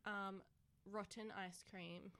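A woman's voice: medium pitch, flat delivery, takes it slowly, fairly bright tone, clean tone, no echo, clean studio sound. A woman co-hosting a podcast in playful casual chat, laughing often, hot and sweaty. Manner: giggly, playful. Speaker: podcast co-host.

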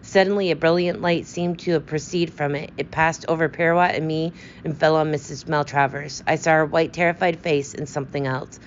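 A woman reading a story aloud as its narrator, in a steady, measured way. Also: low-pitched, dull audio, a little hiss or hum. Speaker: audiobook narrator. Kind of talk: scripted narration.

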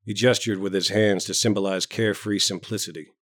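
Low-voiced male story narrator, dry close sound. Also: fairly even intonation, a little fast, dry recording.

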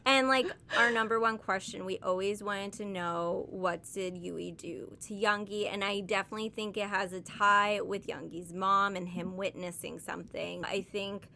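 Woman, casual chat, excited, bright tone, vocal fry. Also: medium pitch, moderate pace, few pauses. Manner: excited, gushing. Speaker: co-host discussing a story.

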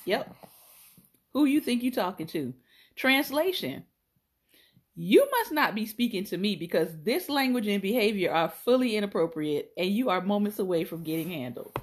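Playful woman host reading aloud. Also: mid-range voice. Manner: playful, laughs between readings, chatty asides to viewers. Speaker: podcast host. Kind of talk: reading aloud from a phrase book on a live stream.

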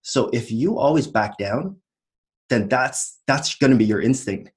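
A man's voice: mid-range voice, unhurried. A man in his thirties, an entrepreneur as guest, talking casually and reflectively, with frequent small laughs. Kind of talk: casual chat.

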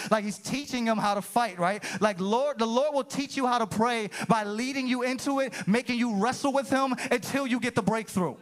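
A man pastor preaching an impassioned sermon to a church congregation, calling out to the room. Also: sits high. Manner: impassioned preaching, calls to the room, rising and falling. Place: church sanctuary.

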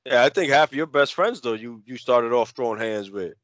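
A man co-hosting a casual podcast, telling stories and acting out the quotes in a lower voice. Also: animated, brisk, a bit bright, dry recording, highs cut off. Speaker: podcast co-host. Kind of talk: casual storytelling chat.

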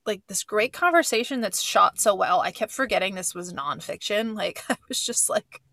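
A woman talks her way through a podcast recap in a loose, rambling manner full of "um" and "like." Her voice has a gravelly, fry-tinged edge. The sound is close and dry. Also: medium pitch, normal speed, sharp tone, dry recording. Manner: chatty and rambling, with many fillers. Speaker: podcast host. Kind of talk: casual podcast chat.

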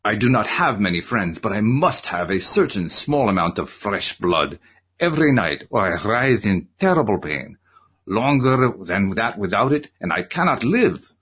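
A man reading aloud, voicing a pleading male vampire with a Transylvanian accent in a slow, formal, begging manner. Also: lowish voice, sing-song, fairly bright tone, breathy edge, full character voice.

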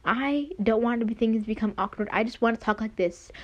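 A woman's voice: on the high side, a little fast. A young woman hosting a casual solo podcast, rambling with many fillers and restarts. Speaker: podcast host. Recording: dull lo-fi home recording.

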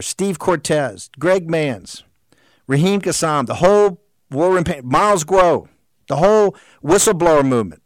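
A combative male talk-show host in full monologue, heated and emphatic, firing off one rhetorical question after another. His voice sits a touch higher than most men's. The sound is dry and close, with no room echo. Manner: rapid-fire rhetorical questions.

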